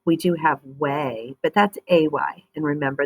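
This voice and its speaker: A woman's voice: low voice, normal speed, husky, low-quality recording. A woman teaching a phonics lesson, patient and encouraging as she reads a story aloud and talks through the sounds.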